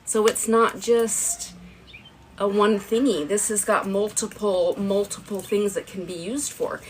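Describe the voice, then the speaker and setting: A woman in a casual livestream shows off her products one by one. Her voice is firm and a little stern, sitting in an ordinary middle pitch. She rambles on, tagging "right?" onto her points, with faint room noise behind her. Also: fairly even intonation, measured pace, low-quality recording. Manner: rambling, chatty, keeps asking "right?". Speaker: TikTok live seller. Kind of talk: casual live product showcase. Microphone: phone livestream.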